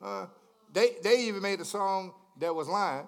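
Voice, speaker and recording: A man preaching a sermon, repeating words in stammering restarts, asking the congregation questions and swinging from hushed lines to shouted climaxes. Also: high voice, animated, normal speed, clear, resonant tone. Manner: repetitive stammering restarts, call-and-response questions. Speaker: pastor.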